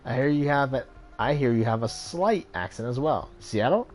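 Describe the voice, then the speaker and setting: A man's voice: mid-range voice, steady tone, brisk, a little mellow, soft background music, natural voice. Man reading as a suave male street dealer, smug, cool, evasive, game dialogue.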